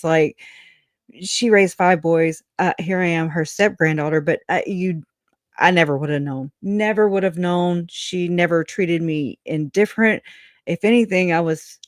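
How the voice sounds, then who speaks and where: A woman's voice: lowish voice, dry recording, studio quality. A woman who is a guest on a casual livestream chat over a video call, talking in a candid, folksy way and laughing often.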